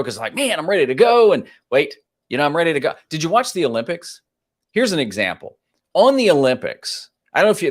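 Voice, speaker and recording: Male live stream host, casual and upbeat, lively pitch, talking from a home studio. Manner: upbeat, chatty, reads out viewer comments. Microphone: home office studio mic.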